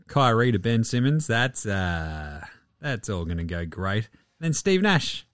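Aussie male host, excitable sarcastic banter, animated delivery. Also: fairly low pitch, unhurried, dry recording, clean studio sound. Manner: excitable, sarcastic, swears freely. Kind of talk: casual sports recap.

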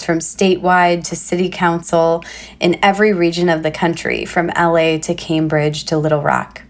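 A woman hosting a podcast, introducing a guest and chatting in a relaxed way with fillers. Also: fairly low pitch. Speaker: podcast host. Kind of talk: conversational interview.

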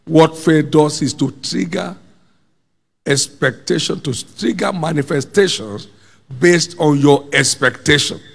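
A man's voice: fairly high pitch, a little slow, creaky, breathy edge, in a large hall. A man preaching a sermon with emphasis, repeating his key phrases and calling on the congregation to answer.

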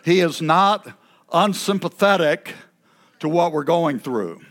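A man delivers a sermon in a church, folksy and conversational. His voice sits a little high for a man, and he clears his throat between thoughts and drifts into casual asides. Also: slow, a bit bright. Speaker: preacher.

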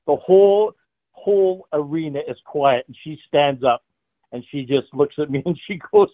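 A man's voice: a little high, normal speed, no room sound. Profane older man, tinny line. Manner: profane, laughing, animated storyteller. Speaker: guest, former hockey player. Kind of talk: casual storytelling. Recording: dry tinny phone-like line.

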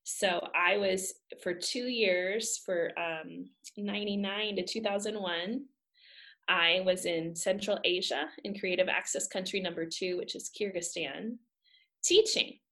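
A woman in her thirties from the United States, telling a personal faith story in a lively, emphatic way with frequent laughter. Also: lowish voice, unhurried. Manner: animated, laughing often, emphatic. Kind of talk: casual storytelling.

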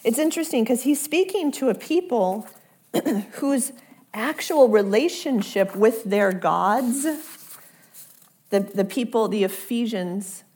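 A woman preaching a sermon at an unhurried pace, her voice sitting somewhat high. She talks to the congregation in a conversational way and repeats words as she works toward each point. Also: animated, a little mellow.

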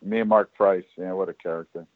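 Guy telling work stories, kinda low voice, does all the other people's lines, sounds like a thin phone line, dry. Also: a little fast, dry recording. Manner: animated storyteller who acts out other people's lines. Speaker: guest telling career stories. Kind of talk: casual storytelling chat.

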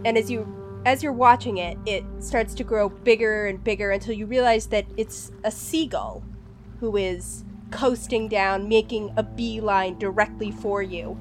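A woman's voice: medium pitch, steady tone, measured pace, soft background music. A woman narrating a tabletop role-playing game as game master, describing scenes playfully.

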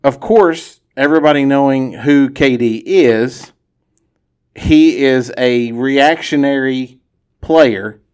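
A man's voice: medium pitch, slow, darkish tone, clear, resonant tone. Easygoing male podcast host. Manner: easygoing, opinionated, laughs often. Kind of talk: casual sports podcast chat.

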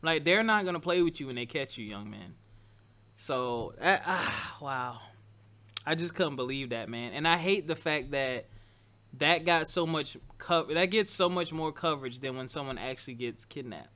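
A man's voice: a little high, animated, normal speed, bright, forceful tone, clear, resonant tone. A man hosting a casual talk show, going over news topics in a loose, conversational way, often stopping to correct himself. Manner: conversational, wanders, laughs at himself. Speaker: podcast host.

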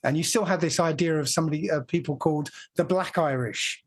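A man from England with a fairly high voice, talking casually and explaining things at length. He laughs now and then. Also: quick pace, husky. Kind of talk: casual conversation.

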